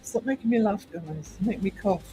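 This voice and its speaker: Slow, high-voiced man chatting. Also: dark tone, poor audio. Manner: rambling, chuckling, reads chat aloud. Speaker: livestream host. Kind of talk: casual livestream chat.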